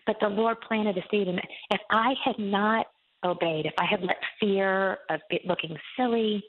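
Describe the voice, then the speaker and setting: A woman author talking as a guest on a Christian radio interview, telling a faith story in an earnest, halting way with many restarts. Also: mid-range voice. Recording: tinny phone line.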